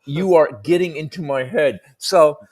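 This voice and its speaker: A man's voice: measured pace, crowd noise. Man telling a wild stage story. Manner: acts out the people in his story with high, loud voices; profane, punchy anecdote telling. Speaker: comedian guest. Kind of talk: animated storytelling on a talk panel.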